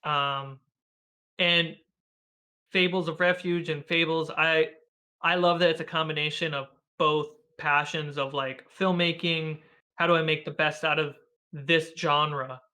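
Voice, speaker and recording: A man speaks as a guest over a video call, in a bright voice that sits a bit high for a man. He tells stories with animation, acting out the lines he quotes and laughing often along the way. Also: steady tone, measured pace. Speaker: guest, filmmaker and game master. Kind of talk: casual conversational interview.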